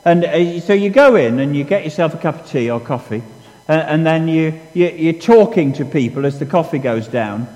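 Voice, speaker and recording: A man's voice: on the high side, lively intonation, moderate pace, darkish tone, in a large hall, poor audio. A man preaching a sermon, telling stories in a conversational, self-deprecating way with many restarts. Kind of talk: sermon with storytelling.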